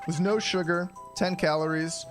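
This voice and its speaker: Chatty male streamer, slightly high voice. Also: steady tone, normal speed. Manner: rambling, chatty, frequent throat clearing. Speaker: game streamer. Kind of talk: casual live-stream commentary. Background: game music.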